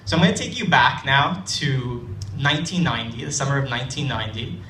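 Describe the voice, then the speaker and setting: A young man telling a personal story on stage at a storytelling night, conversational and self-deprecating, with halting restarts. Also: medium pitch, bright, forceful tone, slight background noise. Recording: roomy live hall, distant mic, faint ambience.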